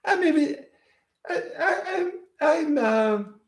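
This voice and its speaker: A man's voice: very high-pitched, animated, slow, roomy sound, pitched above the performer's own voice, full character voice. A man voicing a cheerful woman with fat cheeks and protruding lips, who giggles and stammers. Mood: coy.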